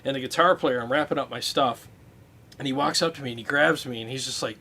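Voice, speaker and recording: A man hosting a casual livestream, talking about guitar gear in a relaxed, rambling way with many fillers. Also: medium pitch, fast talker, a little hiss or hum.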